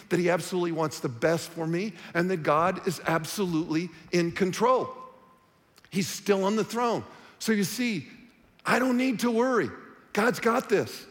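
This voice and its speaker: A man's voice: a little high, big-room sound. A man preaching a sermon as pastor, talking to the congregation in a conversational, direct way.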